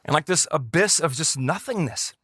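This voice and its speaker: Animated storytelling male pastor. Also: a little high, moderate pace, slightly rough, no echo, clean studio sound. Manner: conversational, animated quoting of others in raised voice. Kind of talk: personal storytelling sermon. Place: church setting.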